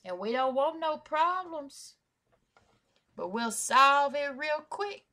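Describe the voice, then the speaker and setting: A woman hosting a music reaction video, exclaiming and repeating lyrics with excitement. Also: high voice, slow, noisy background.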